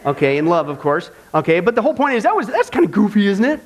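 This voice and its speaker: A male pastor preaching a sermon in an animated, folksy way, often asking the congregation for agreement. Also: high voice, fast talker.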